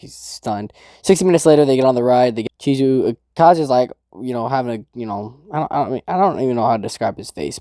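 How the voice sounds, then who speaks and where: A young man casually recapping a manga chapter, excitable, swearing and laughing now and then. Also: medium pitch, dry recording, studio quality. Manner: excitable, swears, laughs, quotes characters in raised voice. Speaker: manga review host.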